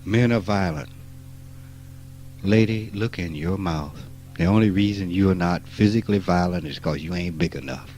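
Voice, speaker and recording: A man gives a spiritual talk in a somewhat low, mellow voice. He speaks bluntly and emphatically, with plenty of profanity, dropping to quiet asides and then bursting out loud. It is an archival talk recording from 1989. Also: moderate pace, faint music behind, poor audio. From rural Mississippi. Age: 50s. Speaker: spiritual teacher.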